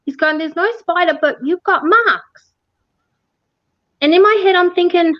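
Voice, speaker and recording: A woman telling a ghost-tour story in casual chat, animated, laughing often and acting out what people said. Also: very high voice, unhurried, long pauses, dry recording, highs cut off. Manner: animated, laughs often, acts out quoted dialogue. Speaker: interview guest recounting a ghost tour.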